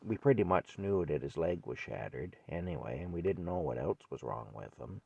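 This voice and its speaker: A man's voice: deep voice, animated, moderate pace, gravelly, a little mellow, breathy edge, no echo, highs cut off. An older man telling a childhood story in a rambling, folksy way. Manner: rambling, folksy, repeats himself. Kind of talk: casual spoken memoir.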